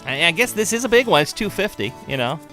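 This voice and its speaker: A man's voice: fairly high pitch, very animated, fast, pushed and bright, faint music behind. An older man hosting a morning radio show, reading the day's history with chatty, conversational asides. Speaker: radio host. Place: radio studio.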